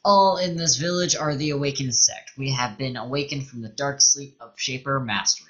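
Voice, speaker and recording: A man's voice: medium pitch, moderate pace, a bit bright, highs cut off, slight background noise, natural voice. A man reading the game lines of a proud, watchful male tribal leader in his own plain voice. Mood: guarded.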